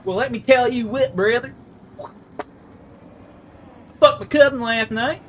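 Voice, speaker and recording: A man's voice: extremely high pitch, unhurried, slight background noise, voice pushed up. A man putting on a thick redneck accent, playing a crude, boastful country guy with a drawling bravado.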